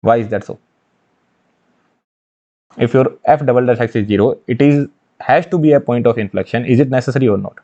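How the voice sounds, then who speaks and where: A man's voice: medium pitch, brisk, long pauses, dark tone, dull audio. A man with an Indian English accent teaching engineering mathematics for an exam course, asking questions and answering them himself and repeating key phrases. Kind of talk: online exam-prep lecture.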